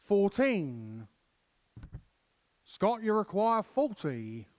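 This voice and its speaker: A man calling darts scores as the referee, in measured, announcing tones. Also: sits high, very animated, a little mellow, no echo.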